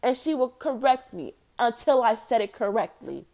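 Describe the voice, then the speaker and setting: A woman's voice: fairly high pitch, animated, normal speed, a little mellow. A young woman vlogging an opinion rant, blunt and exasperated, firing off rhetorical questions. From United States.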